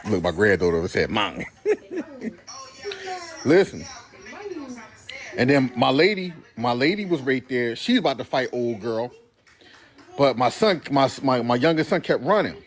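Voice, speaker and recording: Animated middle-aged male storyteller. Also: medium pitch, a little slow, long pauses. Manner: casual, animated, acting out. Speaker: guest.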